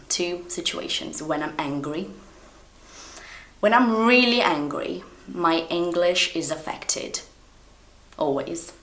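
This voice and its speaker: A woman in her thirties with a Brazilian Portuguese accent teaches English in a relaxed, chatty way. Her voice sits a little low. The room around her is echoey. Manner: chatty and direct, explains terms as she goes. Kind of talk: casual video lesson to camera.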